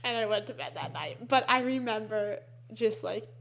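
A woman's voice: medium pitch, expressive, moderate pace, vocal fry, a bit bright. A young adult woman telling a story in casual chat, with many fillers and frequent laughs. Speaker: interviewee.

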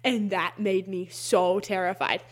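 A woman's voice: medium pitch, steady tone, measured pace. A young adult woman telling a story in casual chat, with many fillers and frequent laughs. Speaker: interviewee.

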